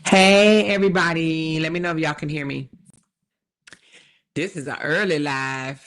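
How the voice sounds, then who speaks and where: A woman's voice: deep voice, normal speed, fairly bright tone. A woman hosts a casual livestream in an emphatic, repetitive way. She laughs often and drags out her words to hammer home each point. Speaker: livestream commentary host.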